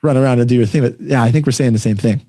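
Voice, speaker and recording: A podcast host with a medium-pitched, dark-toned voice leads a conversational interview, recorded with no echo. He explains ideas briskly through concrete examples, often checking in with "right?"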